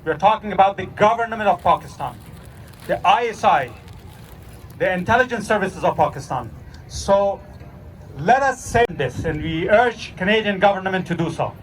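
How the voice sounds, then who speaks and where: A man addresses an outdoor demonstration as its emcee, earnest and halting with frequent fillers. His voice sits high, caught from some distance by the mic, with a faint wash of outdoor noise behind. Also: lively intonation. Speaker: rally organizer and emcee.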